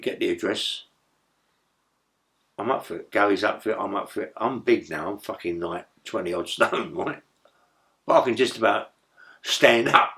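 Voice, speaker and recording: An older man, telling rough stories in a rambling, profane way as an interview guest. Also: lowish voice, a bit bright. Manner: rambling, profane, tag questions like "yeah?". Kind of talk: storytelling in a casual interview.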